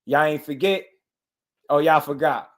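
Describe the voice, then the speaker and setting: A man's voice: a little high, a little slow. Insistent man on a live boxing stream. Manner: animated, insistent, repeats himself, calls out viewers. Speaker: boxing show host. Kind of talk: live-stream boxing talk, answering chat.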